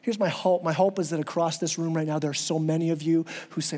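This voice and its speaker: A man's voice: fairly high pitch, fairly even intonation, quick pace, few pauses, dark tone, long reverb tail. A man preaching a sermon as pastor, impassioned and repeating words as he builds his points. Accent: Southern American.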